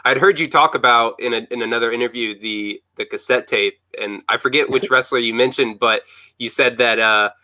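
Male podcast host, bright crisp voice, dry close sound, easy admiring chat. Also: medium pitch, a little fast, dry recording, low-quality recording. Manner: admiring, conversational. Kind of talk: casual interview chat.

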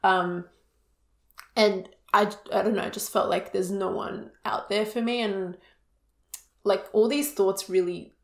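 A young woman co-hosts a casual podcast, talking earnestly and openly and dropping "like" into her sentences often. Her medium-pitched voice is steady and unhurried, with a gravelly, creaky texture. The room gives the recording a noticeable echo.

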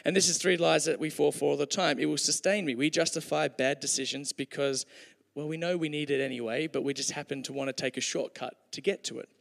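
A man delivers a sermon in a relaxed, conversational way, dropping in jokes for his listeners. His voice has a gravelly edge. It rings with the long reverb of a church hall. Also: fairly high pitch, fairly quick. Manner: conversational, joking asides. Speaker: preacher.

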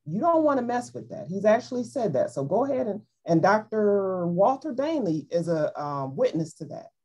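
Woman Bible teacher, lively pitch, slightly husky, informal and playful delivery. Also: moderate pace. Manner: animated, playful, acts out voices in quotes.

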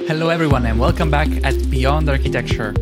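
A man with an Italian accent hosting a podcast interview, talking in an energetic, friendly way. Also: mid-range voice, fairly quick. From Italy. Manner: energetic, scripted intro then chatty. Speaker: podcast host. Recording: loud music behind intro. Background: loud music.

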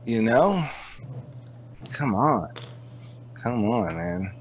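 A man in casual, profane chat, who swears constantly and tells stories with animated energy. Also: on the low side, extremely slow. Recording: faint background noise.

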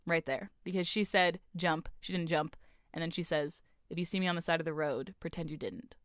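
A young woman with a low, brisk voice co-hosts a casual book-club podcast, swearing a lot while she acts out characters' lines and animatedly runs through a novel's plot. The recording is dry.

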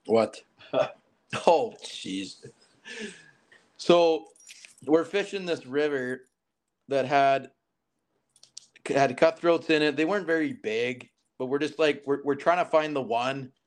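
A man in his thirties from southern Alberta, Canada, appears as a podcast guest, telling a story casually in a slow, mid-range voice with long pauses. He's animated and acts out the quoted dialogue.

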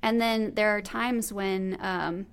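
A woman's voice: medium pitch, fairly even intonation, takes it slowly, creaky, clear, resonant tone. A woman in her thirties hosting a podcast, chatting in an enthusiastic, affirming way. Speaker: podcast host. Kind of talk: casual interview chat.

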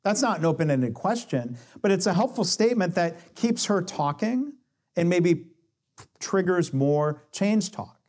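Male speaker, slightly higher pitch, conversational teaching tone, quotes example dialogue. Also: lively intonation, measured pace, a little mellow. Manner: explains with acted-out dialogue quotes, shifting pace. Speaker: speaker on coaching and lean management.

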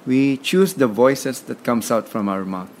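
A man's voice: medium pitch, unhurried, a little hiss or hum. A Filipino man with a Filipino accent, a podcast guest speaking in an emphatic, motivational way. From Philippines. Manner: emphatic, motivational, repeats words. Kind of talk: conversational interview.

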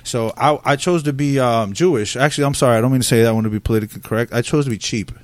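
A man's voice: mid-range voice, rapid-fire, no room sound. A middle-aged man co-hosting a casual podcast, telling rambling, profane stories. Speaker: podcast co-host.

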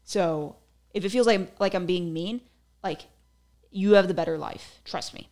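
Her voice sits fairly low and a little mellow, and she keeps a measured pace. She's a young podcast host chatting casually by herself, her speech full of "like" fillers and giggly side comments.

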